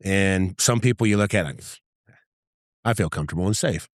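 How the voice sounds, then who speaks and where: A man's voice: deep voice, normal speed, no echo, clean studio sound. A middle-aged man, a podcast guest and former undercover agent, telling vivid, profane stories in casual talk and acting out what people said. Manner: vivid, profane anecdote-telling that acts out dialogue. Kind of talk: casual storytelling interview.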